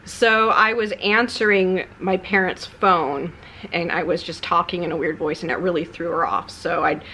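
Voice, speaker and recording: A woman with a somewhat low voice talks straight to camera in a personal vlog, rambling and candid. Her delivery is subdued and confessional, like she's letting the viewer in on hard things. A faint hiss of noise sits underneath. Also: a bit bright. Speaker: YouTuber.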